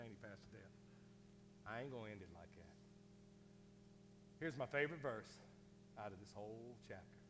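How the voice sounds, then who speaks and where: A man preaching to a congregation as a lay preacher, folksy in speech, swinging from shouted fervor to hushed, earnest pleading. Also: mid-range voice. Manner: folksy, says ain't and indeedy. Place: church sanctuary. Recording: long hall reverb, faint hum.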